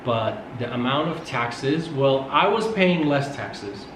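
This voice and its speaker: A man's voice: mid-range voice, lively intonation, takes it slowly. A man from Finland, a guest talking casually in a rambling way, full of restarts and fillers. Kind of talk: casual conversational interview. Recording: echoey room, faint background hum.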